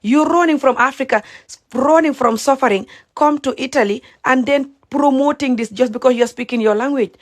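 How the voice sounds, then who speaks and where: A woman's voice: high-pitched, brisk. A woman in an impassioned vlog rant, emphatic and repetitive, switching between English and Mandinka. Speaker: social media commentator.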